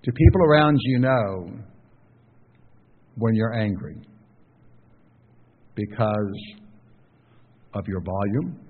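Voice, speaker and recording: Husky-voiced pastor preaching in a hall. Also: male voice, lowish voice, expressive, slow pace, long pauses. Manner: conversational preaching, asks the congregation questions. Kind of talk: sermon. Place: church sanctuary. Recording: tinny distant recording with long hall reverb.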